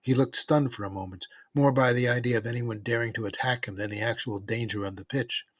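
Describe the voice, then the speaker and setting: A man narrating a novel in the first person, in a steady, even storytelling manner. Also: mid-range voice, fairly quick, husky, no room sound.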